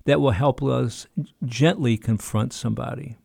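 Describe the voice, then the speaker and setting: A male host keeps his questions brief and steers the guest along. His voice is mid-pitched with a gravelly texture, and the recording is dry and close. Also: fairly even intonation, measured pace, a little mellow, dry recording. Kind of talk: interview questions.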